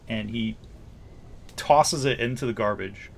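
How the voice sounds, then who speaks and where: A man's voice: mid-range voice, steady tone, vocal fry. Man narrating as game master. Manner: descriptive, halting narration with fillers.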